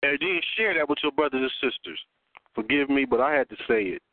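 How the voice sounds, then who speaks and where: A man's voice: medium pitch, expressive, a little fast, dry recording. Preachy older man on a phone line. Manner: preachy, emphatic. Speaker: caller. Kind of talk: impassioned phone-in commentary. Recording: dry, tinny phone line.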